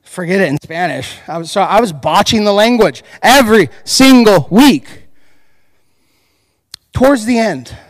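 A man with a high voice preaches a sermon, telling stories with lively energy and turning often to speak to his congregation. His voice rings out through a church hall, and a long reverb trails after each phrase. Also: unhurried. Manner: lively storytelling, addressing the congregation directly. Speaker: pastor.

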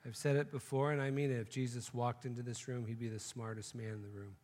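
A man's voice: mid-range voice, flat delivery, fast, a little mellow, in a large hall. A man preaching a sermon, telling a joke story and then making emphatic, repeated points. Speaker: pastor.

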